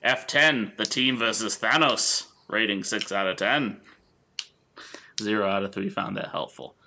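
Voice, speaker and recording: Man doing a put-on English accent, bright-toned amateur critic, dry and mocking. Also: on the low side, steady tone, measured pace, vocal fry, slight background noise, exaggerated voice. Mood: sardonic. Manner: wry, mocking delivery. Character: male amateur online film reviewer, dry and unimpressed. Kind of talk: mock reading of a review.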